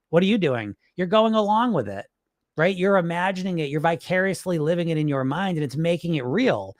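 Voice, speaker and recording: An emphatic man with a fairly high voice, talking straight to his viewers in a loose, chatty way. He punctuates points with quick questions. The sound is dry and close. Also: no room sound. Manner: conversational, emphatic, frequent "right?" and "folks". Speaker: hypnotist and weight-loss coach. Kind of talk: casual direct-to-camera talk.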